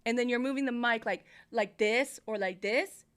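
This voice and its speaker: On her music review livestream, a woman with a fairly high, clear, resonant, somewhat bright voice speaks at a moderate pace. She explains her casual feedback on vocals and mic technique into a studio microphone she moves toward and away from herself.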